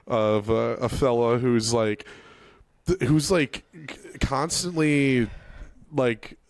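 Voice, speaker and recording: A man's voice: mid-range voice, steady tone, vocal fry. Rambling man on a comedy podcast. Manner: rambling, halting with many fillers and restarts. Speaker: podcast co-host. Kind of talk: casual comedy podcast chat.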